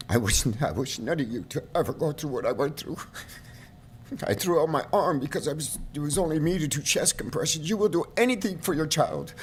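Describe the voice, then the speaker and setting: Middle aged guy pleading at a county meeting podium, voice cracking up loud at times, faint low rumble behind. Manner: impassioned, voice rising to near shouting at peaks. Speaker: public commenter at a county board meeting. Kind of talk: emotional public comment. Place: council chamber.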